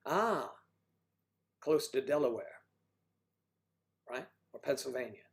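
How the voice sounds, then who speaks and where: A man hosting a livestream, chatting casually with viewers and joking about their names and hometowns, switching between loud bursts and quiet asides. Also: mid-range voice, lively intonation, normal speed. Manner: playful, jokey, riffing on viewers' names and places. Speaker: livestream host. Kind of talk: casual chat reading viewer comments.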